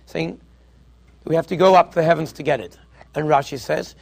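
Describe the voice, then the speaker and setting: A man teaches Torah, weaving a parable and sprinkling Hebrew and Yiddish words through his English. His voice sits high and has a gravelly edge. He often sinks to a hushed tone as the story unfolds. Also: a little fast.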